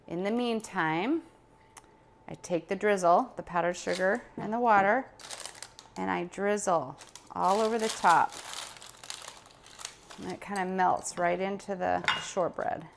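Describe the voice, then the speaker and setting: A woman's voice: medium pitch, a little slow, vocal fry, pauses often, noisy background. A middle-aged woman chatting casually as she demonstrates a recipe in her home kitchen. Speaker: cooking show host.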